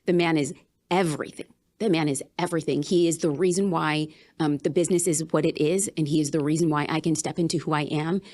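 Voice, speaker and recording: A woman guest in a candid interview, talking in an animated, emphatic way and repeating phrases for emphasis. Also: sits low, fast talker. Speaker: podcast guest. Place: business retreat in Austin.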